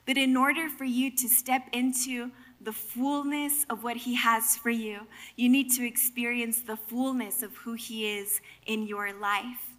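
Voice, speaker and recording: A young adult woman preaching a sermon, telling stories with animated energy and dropping at times to soft whispers. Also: on the high side, measured pace, hardly any pauses.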